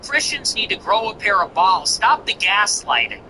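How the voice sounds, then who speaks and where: A man's voice: sits high, very animated, moderate pace, background noise. A male host delivering a heated, profane, mocking monologue. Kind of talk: ranting monologue.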